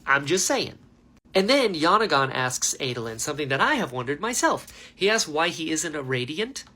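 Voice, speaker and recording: A man giving a casual, animated book reaction, ranting with lots of fillers. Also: a little high, normal speed. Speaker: book reviewer.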